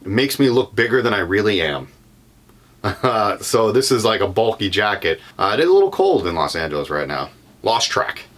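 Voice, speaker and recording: A man's voice: lowish voice, sing-song, moderate pace, fairly bright tone. A young man with a Boston accent, casually walking through his van on a vlog, rambling with lots of ums and self-corrections. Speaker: van life vlogger. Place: inside a van.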